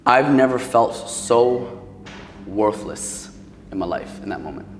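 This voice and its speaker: Speaking slowly in an animated, mid-range voice, a podcast guest from Paterson, New Jersey tells a personal story. The setting is a large hall with slight background noise, and his delivery is casual, emotional, and thick with "like" and "um."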